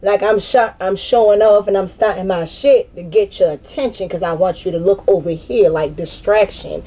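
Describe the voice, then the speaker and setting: A woman's voice: medium pitch, normal speed. Slangy, profane woman reading cards. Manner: loose, profane, slangy and animated. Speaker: tarot reader. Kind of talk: casual spiritual card reading.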